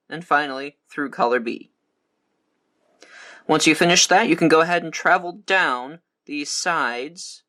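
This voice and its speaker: Bright, methodical man teaching a craft. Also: on the high side. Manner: calm, methodical step-by-step instructions. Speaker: beading instructor. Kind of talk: step-by-step craft tutorial.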